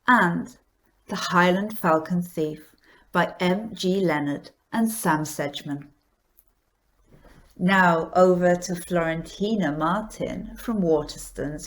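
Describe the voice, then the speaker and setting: A woman hosting an awards presentation, reading a script in a measured, deliberate way. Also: fairly low pitch. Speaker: awards host.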